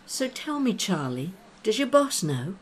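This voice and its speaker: Lady doing a cheeky old granny, dry wit, lively voice, takes her time. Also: medium pitch, measured pace, slightly rough. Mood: mischievous. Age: older. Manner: dry, mischievous. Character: mischievous elderly grandmother, sharp-witted. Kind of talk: audio drama acting.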